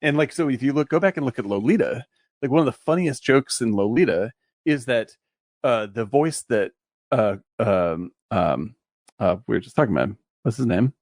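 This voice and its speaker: A man co-hosting a casual movie podcast, excitable, laughing often and swearing as he talks. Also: medium pitch, moderate pace, dry recording, studio quality. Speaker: podcast co-host.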